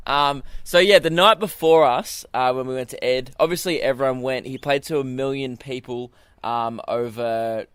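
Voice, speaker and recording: A man hosts a casual podcast chat, teasing and ranting with comic exaggeration. He speaks at a middle pitch. The recording is dry and close, with no room sound. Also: moderate pace, few pauses, a bit bright, smooth, no room sound. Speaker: podcast host and comedian.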